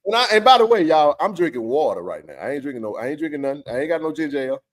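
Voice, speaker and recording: A man's voice: fairly high pitch, very animated, racing. A middle-aged man hosting a live sports stream, talking with passionate, blunt, emphatic energy and plenty of slang.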